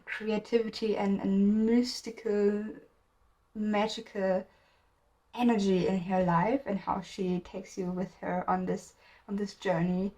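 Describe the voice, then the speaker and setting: A woman's voice: medium pitch, a little mellow. A woman from Germany talking casually to camera in a vlog, rambling, often restarting sentences and stopping to search for words. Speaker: video creator.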